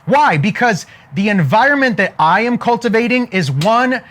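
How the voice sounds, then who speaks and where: A man's voice: high voice, animated, moderate pace, fairly bright tone, slight background noise. A man giving a motivational talk to an online audience, speaking emphatically, checking in often with "okay?" and building stories to a punchline.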